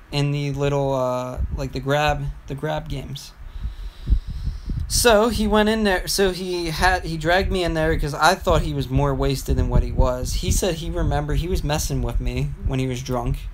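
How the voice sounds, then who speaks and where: A man's voice: on the high side, slight background noise, low-quality recording. A young man chatting on his gaming livestream, telling a meandering story with frequent restarts. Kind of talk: casual rambling livestream chat.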